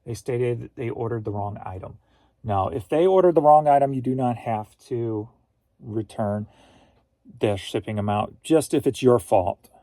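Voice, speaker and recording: A man's voice: mid-range voice, moderate pace, dark tone, dry recording. A middle-aged man from Missouri hosting a casual livestream, rambling easily and reading viewer comments aloud. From Missouri, USA. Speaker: host.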